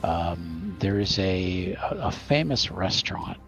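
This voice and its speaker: A man's voice: deep voice, expressive, slow pace, vocal fry, soft background music. A man narrating as game master of a tabletop game, rambling with many restarts and jokes. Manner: rambling, lots of fillers and restarts, jokey.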